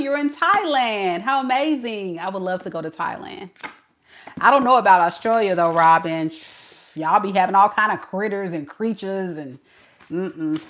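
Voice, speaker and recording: A woman from the southern US giving a live tarot reading, chatty and laughing often as she answers her chat. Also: lowish voice. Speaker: tarot reader. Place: home at night.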